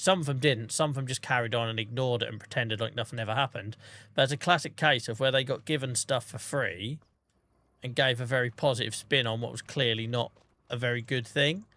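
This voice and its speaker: A man's voice: medium pitch, fairly bright tone. Chatty Norfolk-accented man streaming a game. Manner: chatty, laid-back, talking to chat while playing. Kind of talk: casual gaming stream chat.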